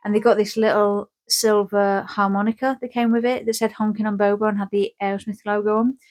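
A woman's voice: mid-range voice, flat delivery, brisk, darkish tone. A woman co-hosting a podcast in casual chat, rambling and joking, acting out little scenes. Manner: rambling, jokey, acts out scenes. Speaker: podcast co-host.

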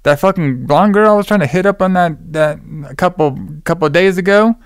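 A frantic young guy who swears as he panics, his voice pushed up high. A man acts him out in a casual retelling. The sound is smooth and dry. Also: a little fast, dry recording, lightly acted. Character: agitated young man freaking out.

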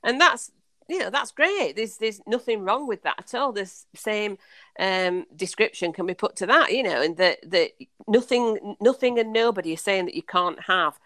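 A woman's voice: medium pitch, expressive, normal speed, fairly bright tone, no echo, clean studio sound. A woman co-hosting a podcast, talking in a thoughtful, questioning way with many restarts. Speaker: podcast co-host. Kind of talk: casual chat.

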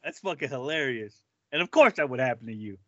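A podcast host leading a casual chat in slang, reacting loudly and steering the topic, recorded in dry, dull lo-fi audio. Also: male voice, medium pitch, lively intonation, fast, no room sound. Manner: loud reactions, big laughs, slangy.

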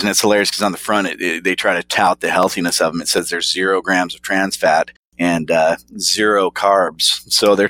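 A man's voice: low-pitched, a bit bright, no room sound. A man co-hosting a casual snack-review chat, laughing often and trailing off mid-sentence. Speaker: podcast co-host reviewing snacks.

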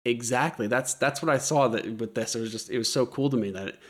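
A man's voice: mid-range voice, brisk. A man co-hosting a podcast, explaining a topic in casual chat, earnest, stumbling over repeated words. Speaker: podcast co-host presenting the topic.

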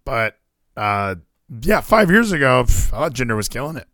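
A man's voice: medium pitch, big pitch swings, moderate pace, a bit bright, no echo. A man hosting a casual podcast chat, joking and rambling. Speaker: podcast host.

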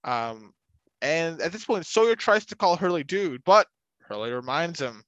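A man's voice: mid-range voice, animated, moderate pace, fairly bright tone, dry recording, highs cut off. Chatty young man recapping a show. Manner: chatty, laughs often, rambling asides. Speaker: podcast co-host recapping a TV show. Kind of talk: casual chat.

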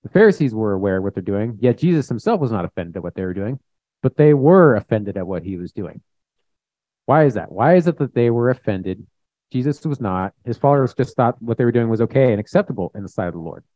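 Young male preacher, plain-spoken and conversational, mellow tone, dull lo-fi sound. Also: lowish voice, very animated, quick pace, no room sound. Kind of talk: informal sermon with scripture reading. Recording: dull, muffled recording.

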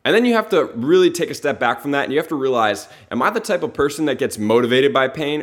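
Male motivational podcast host, earnest and conversational, stacks rhetorical questions, mid-pitched voice.

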